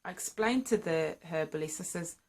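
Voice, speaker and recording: A woman telling her own story to camera, candid and earnest, and lively when excited. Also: lowish voice, normal speed. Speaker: singer sharing a personal story. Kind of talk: candid personal vlog storytelling.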